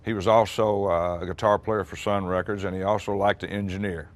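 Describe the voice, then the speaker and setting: A man in his sixties, a musician recounting an old recording session in relaxed, chatty storytelling. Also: low-pitched, a little fast. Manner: chatty, acts out quoted dialogue, frequent restarts and laughs.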